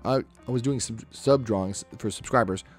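A man's voice: mid-range voice, brisk, soft background music. A man chatting casually with his stream chat while he draws, rambling and muttering to himself as he works. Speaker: artist livestreaming a drawing session.

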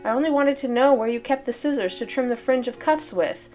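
A woman's voice: high voice, brisk, dark tone, faint music behind, pitched above the performer's own voice, close to an everyday voice. A woman reading the lines of a witty, temperamental male painter, giving his retorts a drawl and a scornful edge.

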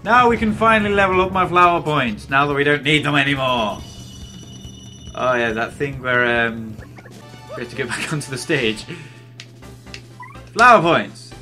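Casual young gamer, bright voice. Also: male voice, mid-range voice, moderate pace, soft background music. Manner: casual, swears freely, rambling. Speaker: gameplay commentator. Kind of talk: let's-play commentary.

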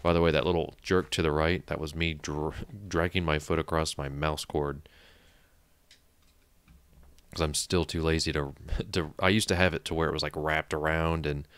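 A man's voice: very deep voice, little pitch movement, normal speed, fairly bright tone, clean tone, no room sound. A man hosting a let's play, chatting casually and thinking aloud as he builds, sometimes muttering under his breath. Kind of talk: casual gameplay commentary.

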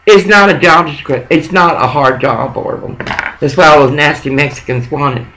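A man's voice: on the high side, normal speed, sharp tone, slight background noise. A middle-aged man on a one-sided phone call, rambling, coaxing and profane. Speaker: caller.

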